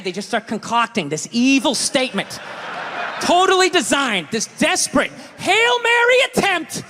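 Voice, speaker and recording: A man doing a stand-up comedy set in a Boston accent, ranting and bursting into shouted bits, recorded live on stage. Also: very high voice, a little hiss or hum. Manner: ranting, shouting into exaggerated impressions. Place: stage before a live audience. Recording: live theater recording with crowd and reverb.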